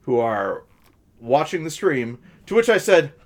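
Man with a deliberately raised speaking voice. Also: very animated. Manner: talks in many restarts and fillers, deliberately pitched-up voice. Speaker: podcast co-host. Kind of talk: casual chat.

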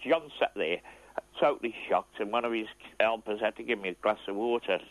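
Older man phoning in, choked up and halting, heard down a tinny phone line. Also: fairly low pitch, dry recording. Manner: emotional, halting, throat-clearing. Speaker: caller. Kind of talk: phone-in call.

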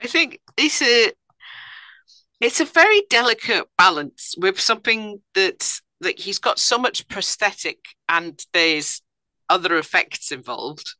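A woman co-hosting a film podcast, making dry, measured remarks in casual chat. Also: mid-range voice, animated, pushed and bright, no room sound, low-quality recording. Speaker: podcast co-host.

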